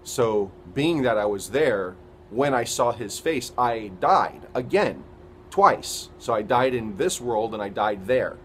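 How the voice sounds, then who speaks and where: A man giving an earnest, halting personal testimony, retelling events with quoted dialogue. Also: medium pitch, animated, a little hiss or hum.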